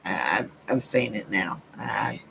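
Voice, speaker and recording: A woman's voice: very deep voice, measured pace, creaky, noisy background. A woman with a Southern US accent giving a live-stream card reading to her chat, earnest and blunt, repeating phrases and calling people honey and baby. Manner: gushing, calls listeners honey and baby. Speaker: psychic card reader.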